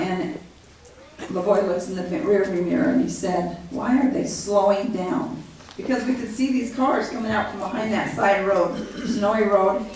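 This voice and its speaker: A woman giving an earnest, animated personal account to a live audience, acting out what others said, heard from a distance in a large echoey hall. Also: medium pitch. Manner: earnest, animated storytelling that acts out others' words. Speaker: speaker at a public gathering. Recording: echoey hall from far off, faint hiss.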